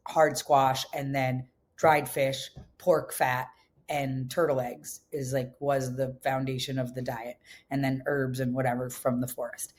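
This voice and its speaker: A middle-aged woman from upstate New York, a farmer and chef, telling her story in a casual interview, animated and full of fillers and restarts. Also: a bass voice. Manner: animated, many fillers and restarts, quotes others in voices.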